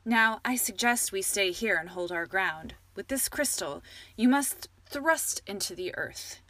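A woman doing a calm wise wizard. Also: medium pitch, measured pace, dry recording. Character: calm wise male wizard, dry and wry.

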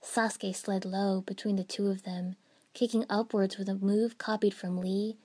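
A woman narrating a first-person fan fiction story in an even storytelling manner. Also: medium pitch, normal speed, breathy edge.

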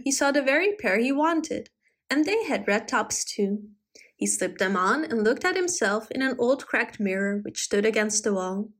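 A woman reading a children's storybook aloud in an expressive, animated manner. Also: fairly high pitch.

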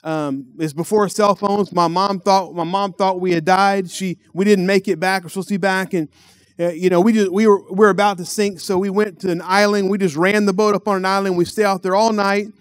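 A man's voice: high-pitched, steady tone, fairly quick, no room sound. A middle-aged man with a Texan accent telling a folksy, rambling story in a sermon, often repeating his words. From Texas. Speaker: pastor.

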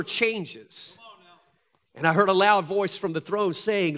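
A man preaching a sermon to his congregation, reading scripture aloud and swinging between loud, emphatic lines and hushed ones. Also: high-pitched, slow pace. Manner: addresses congregation directly as folks. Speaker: pastor. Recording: long hall reverb.

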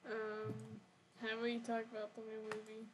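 Laughing teenage girl, slightly high voice. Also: monotone, moderate pace, background noise. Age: teens. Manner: laughing, bossy about running the questions. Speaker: club treasurer and co-host. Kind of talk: casual podcast chat.

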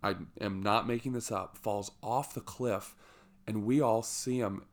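A man telling a personal story with humor, lively and self-mocking, with jokey asides. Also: on the low side, measured pace.

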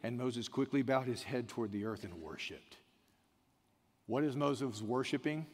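A man preaching a sermon, swinging from quiet, intimate passages to loud, shouted emphasis. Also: medium pitch, moderate pace. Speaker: pastor. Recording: long hall reverb.

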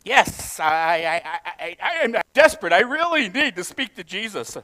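A pastor acting out a desperate caller who stammers and pleads to get through. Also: male voice, sits high, very animated, moderate pace, bright, forceful tone, exaggerated voice.

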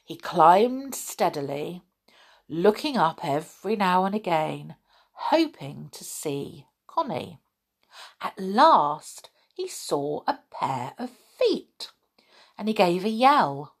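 Female storyteller, slow and lively in pitch, friendly read-aloud for kids. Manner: chatty, unhurried, expressive. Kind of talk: reading a children's book aloud.

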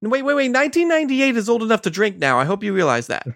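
A man co-hosting a podcast, casually chatting and teasing the others in quick bursts. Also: high-pitched, sing-song, a bit bright, no echo, clean studio sound. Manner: joking, teasing, rapid bursts. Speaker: podcast co-host. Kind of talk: casual chat.

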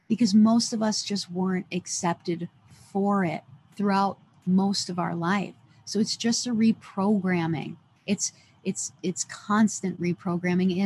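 A woman's voice: medium pitch, a little hiss or hum. A woman who is a podcast guest, earnestly telling an emotional personal story and acting out the dialogue as she goes. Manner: earnest, lively retelling with quoted dialogue.

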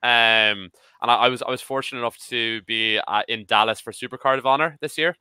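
A man of about thirty chatting as a podcast panelist, excitable and swearing casually. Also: medium pitch, brisk, smooth, dry recording. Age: 30s. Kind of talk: casual chat.

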